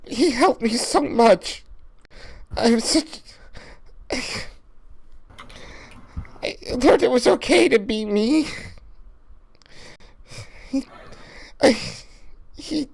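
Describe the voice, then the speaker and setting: A woman's voice: high-pitched, creaky, a little mellow, breathy edge, heavily acted. A woman voicing a grieving young man caught in an addiction, who stammers and breaks into tears. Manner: halting, stammering, tearful. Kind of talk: tabletop role-play voice acting.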